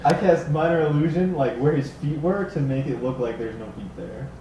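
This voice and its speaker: A man playing a tabletop game, quick and joking. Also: a little high. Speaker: player. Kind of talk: casual tabletop game chat. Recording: roomy, distant, loud noise.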